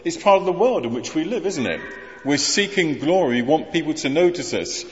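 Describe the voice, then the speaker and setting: A man preaching a sermon in a relaxed, conversational way, with wry humor and rhetorical questions. His pitch rises and falls freely. The sound is slightly muffled and carries the long reverb of a church. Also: brisk.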